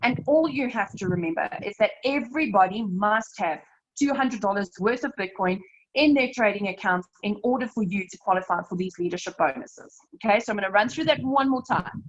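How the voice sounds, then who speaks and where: A woman leading a live slide presentation, explaining step by step in a brisk, emphatic way and often calling her listeners "you guys". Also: medium pitch, lively intonation, muffled recording. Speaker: network marketing team leader presenting a webinar.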